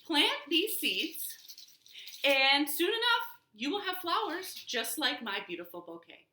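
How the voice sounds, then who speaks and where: A woman voicing a kind, sensible male frog friend in a children's storybook reading, gentle and reassuring. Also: high-pitched, sing-song, measured pace, a little hiss or hum, pitched above the performer's own voice, heavily acted. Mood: kindly. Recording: roomy living room.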